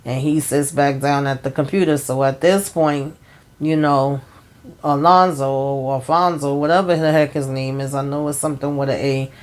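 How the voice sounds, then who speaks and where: Rumbling low and fairly even in intonation, a woman talks at normal speed as she recaps a TV episode. She's a chatty recap host who rambles, leans on fillers like "um" and "you know," and speaks right to her audience.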